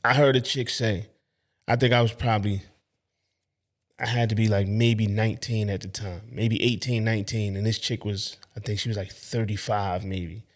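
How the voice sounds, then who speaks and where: A man's voice: fairly low pitch, moderate pace. Blunt, profane young man reacting. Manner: blunt, profane, animated storytelling. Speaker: reaction video host. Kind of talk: casual profane commentary.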